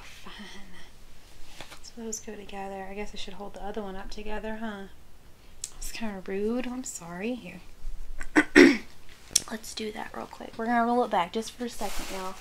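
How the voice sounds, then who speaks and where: A woman hosting a crochet channel, chatting casually and gushing softly as she opens mail, sometimes dropping to a whisper. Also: mid-range voice, steady tone, normal speed, pauses often, background noise. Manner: gushing, soft-spoken, often drops to a whisper. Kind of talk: casual unboxing chat.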